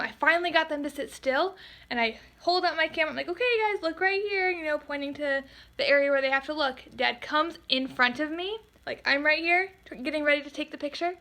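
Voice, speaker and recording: A high-voiced woman photographer shares a storytime vlog, clearly fed up yet animated. She quotes her customers by slipping into rapid impressions.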